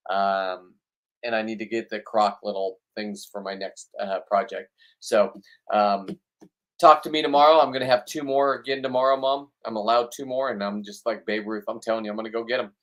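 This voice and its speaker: A man's voice: on the low side, a bit bright. A man talking to the camera in a casual fishing vlog, blunt and rambling, joking about himself. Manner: blunt, rambling, self-deprecating. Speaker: fishing vlogger.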